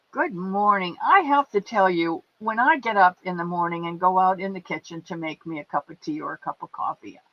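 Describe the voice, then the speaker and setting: In a lowish voice with no room sound, a livestream host reads viewers' comments aloud and greets each by name with fond pet names. Her casual stream has dull, lo-fi audio.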